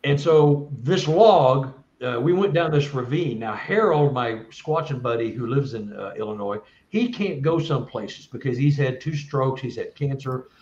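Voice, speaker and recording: A man's voice: mid-range voice, animated, unhurried, few pauses, a little mellow, echoey room, muffled recording. A man, a guest speaker, telling a long first-person story in an earnest, rambling way with many restarts.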